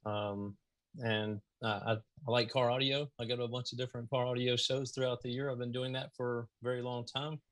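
A man from Mississippi in his thirties with a Southern accent, a guest on a video call, telling a story in a casual, animated way. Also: mid-range voice, brisk. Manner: animated storyteller, acts out his own past lines. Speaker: guest, car audio business owner.

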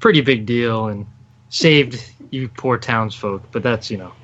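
A man's voice: medium pitch, unhurried, highs cut off, a crowd in the background. A man playing a tabletop game in character as a vain, self-important hero. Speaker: player.

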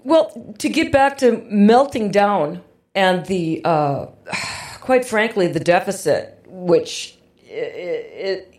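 A woman's voice: medium pitch, lively intonation, slow, a little mellow, reverberant. A woman hosting a political podcast interview, talking in a sarcastic, mocking way. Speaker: podcast host. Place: podcast studio.

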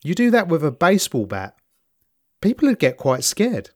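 Fifties male co-host, lively swooping pitch, laughs a lot, casual chat. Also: moderate pace. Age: 50s. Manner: laughs often, acts out voices in retellings. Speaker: podcast co-host.

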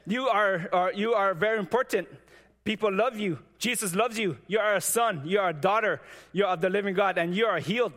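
A man preaching and sharing a testimony, talking in a halting way with many restarts and repeated words, and earnestly urging his listeners on. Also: high voice, a bit bright. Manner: earnest and exhortative. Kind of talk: sermon with personal testimony. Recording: long reverb, as in a hall.

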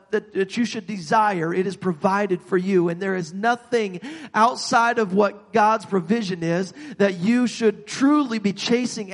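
A man preaching a sermon, halting and repeating words, growing emphatic as he goes. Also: sits high, big-room sound.

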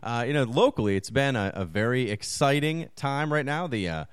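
Easygoing male co-host, lively mid-range voice, dry close sound, laughs through his stories. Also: medium pitch, moderate pace, clear, resonant tone, no room sound. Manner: easygoing, laughs often while telling stories. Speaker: podcast co-host. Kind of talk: casual chat.

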